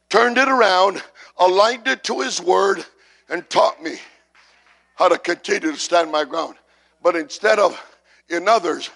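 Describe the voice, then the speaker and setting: A male pastor preaching a sermon at a church service, repeating phrases and rising to shouts as he calls on the congregation to respond. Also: sits high, creaky. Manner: repetitive call-and-response preaching, builds to shouts.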